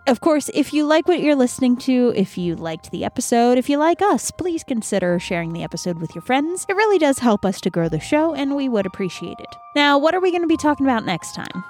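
A woman's voice: high voice, big pitch swings, a little fast, hardly any pauses, a little mellow, soft background music. A young woman co-hosting a casual book podcast, chatty and amused, full of fillers. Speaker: podcast co-host.

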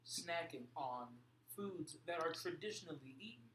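Lively bright man, echoey room. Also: fairly high pitch, moderate pace. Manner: playful, jokey, rambling. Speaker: podcast co-host. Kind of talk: casual chat. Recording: echoey room with faint background noise.

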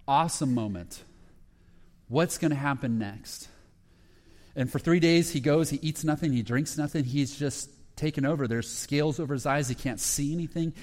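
Storytelling pastor in a reverberant hall. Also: male voice, a little high. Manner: storytelling, animated retelling with quoted voices. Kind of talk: sermon. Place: church sanctuary.

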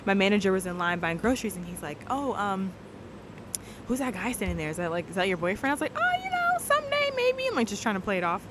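A woman talks quickly and casually, telling a story as a guest. She is animated and jumps into the voices of her own thoughts and the people she quotes. A steady rumble sits under the recording.

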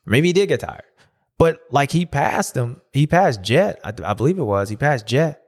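A man hosting a loose, chatty race recap. His pitch swings a lot, and he often jumps into high, mocking voices to act out what riders said. He talks the way someone who has raced himself talks about it. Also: lively intonation, normal speed, darkish tone. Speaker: podcast host and former racer. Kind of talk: casual race recap commentary.

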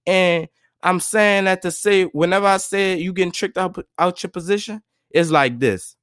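High-voiced man giving a street-talk pep talk. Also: normal speed, a bit bright, clear, resonant tone, no echo, clean studio sound. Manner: repetitive, preachy, conversational slang, stumbles and restarts. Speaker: podcast host, barber. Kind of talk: casual motivational monologue.

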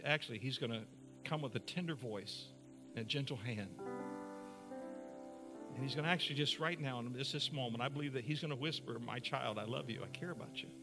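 A man preaching a sermon as pastor, earnest, moving between brisk talk and slow, soft passages. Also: medium pitch.

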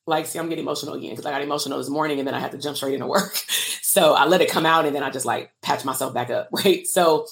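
Woman, 30s, business coach live streaming to followers; candid, emotional, laughs and curses casually, mid-pitched voice. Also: a bit bright.

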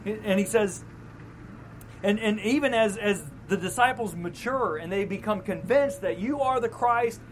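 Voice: mid-range voice, a little slow, noisy background. A pastor giving an evening sermon in a casual, conversational way, acting out the voices of the people in the story. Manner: conversational, acts out quoted voices with laughs.

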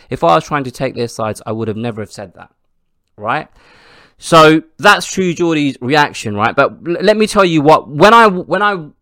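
A man's voice: medium pitch, sharp tone, no room sound, clean studio sound. A man hosting his own podcast, chatting casually through the week's news with lots of ums and asides. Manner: chatty, restarts often with ums and rights. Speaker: podcast host.

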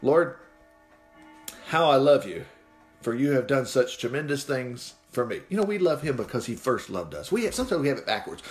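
A man's voice: mid-range voice, normal speed, soft background music. A man preaching an informal sermon, reading scripture aloud with folksy, chuckling asides. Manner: animated and folksy, chuckling asides between read verses.

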